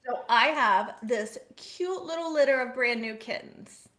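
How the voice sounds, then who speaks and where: A woman co-hosting a casual podcast, telling an animated story with frequent laughs. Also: a little high, unhurried. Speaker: podcast co-host. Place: farm household.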